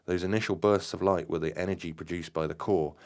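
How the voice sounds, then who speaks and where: A man's voice: low-pitched, steady tone, fast talker, a little mellow. A man voicing the leader of a spiritual group, giving urgent, firm instructions in a story he reads aloud.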